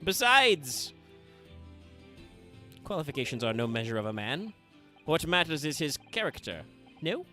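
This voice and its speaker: A man's voice: a little high, very animated, measured pace, pauses often, bright, forceful tone, soft background music, heavily acted. A man reading aloud the part of a flamboyant, eccentric great detective, with grandiose, theatrical delivery. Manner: theatrical, grandiose, lofty pronouncements. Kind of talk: reading game dialogue aloud.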